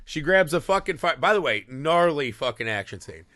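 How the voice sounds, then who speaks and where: Guy on a movie podcast recapping scenes, swears a lot, bright lively voice, dry close sound. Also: a little high, normal speed, no echo. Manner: animated, profane scene recaps with acted-out voices. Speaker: podcast co-host. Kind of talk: casual movie podcast chat.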